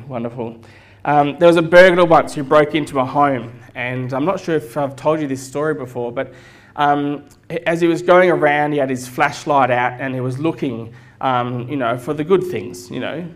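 A man with a somewhat high voice preaching a sermon. He tells stories in a relaxed, conversational way and slips in light jokes. Fillers and small restarts run through his talk. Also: normal speed. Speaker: pastor.

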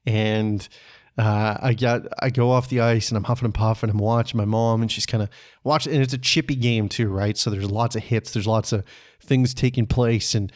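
A man from Canada telling a personal story on his podcast in a relaxed, conversational way, chuckling often and swearing casually. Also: on the low side, normal speed. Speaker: podcast host.

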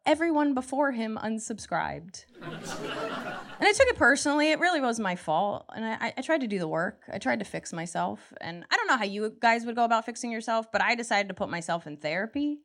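Self-mocking woman comic, lively high voice. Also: brisk. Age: 30s. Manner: wry, self-mocking storytelling with rising punchlines. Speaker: stand-up comedian. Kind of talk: stand-up comedy set. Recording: noisy live stand-up recording.

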